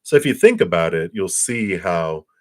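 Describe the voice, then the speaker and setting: A man giving a casual spiritual talk on a livestream, animated and acting out quotes between chuckles. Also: sits low, normal speed. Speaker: spiritual reader.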